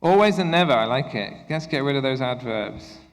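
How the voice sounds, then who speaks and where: A man presenting an interactive workshop for English teachers, upbeat and encouraging as he gives quick instructions. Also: mid-range voice, animated, slight background noise. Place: conference room at a university. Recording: echoey hall with long reverb.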